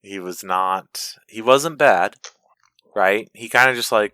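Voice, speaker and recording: A man co-hosting a podcast in casual gaming chat, easygoing and quick to agree. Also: lowish voice, pushed and bright, smooth, no echo. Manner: easygoing, short agreeing replies. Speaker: podcast co-host.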